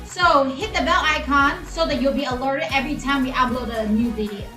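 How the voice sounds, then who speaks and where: A woman's voice: high voice, brisk, roomy sound, music in the background. A woman from Asia with a Chinese accent, earnestly giving marriage advice as co-host, filling her talk with "you know". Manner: earnest, heavy use of "you know" fillers.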